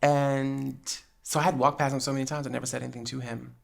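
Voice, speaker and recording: A woman's voice: a bass voice, quick pace, gravelly. A woman from New Jersey hosting a podcast, telling a story with lots of laughs and acted-out quotes. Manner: animated, acts out quoted dialogue, frequent laughs. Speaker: podcast host. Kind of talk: casual storytelling chat.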